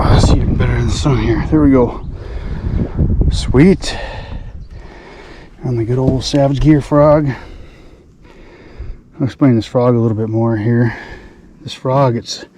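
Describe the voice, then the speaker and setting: Chatty man fishing outdoors in the wind. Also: mid-range voice. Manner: excited, chatty, talks to himself while fishing. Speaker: fishing vlogger. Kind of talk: casual outdoor narration. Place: outdoors on a boat on a lake. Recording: outdoor noise, wind on the mic.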